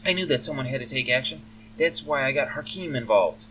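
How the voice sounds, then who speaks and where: A haunted young elf woman, as a man puts her on speaks high and urgently, close to breaking. Her voice sits well above the reader's own, distant from the mic over a faint hum. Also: lively intonation, brisk, a bit bright, natural voice. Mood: accusing. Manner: pleading, high-pitched and urgent. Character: frightened young female elf, haunted and desperate.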